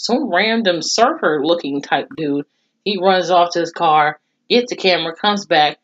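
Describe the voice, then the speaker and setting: A woman casually recapping a TV episode in a blunt, expressive way, swearing freely. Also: fairly low pitch, normal speed. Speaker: TV show reviewer. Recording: dull lo-fi recording.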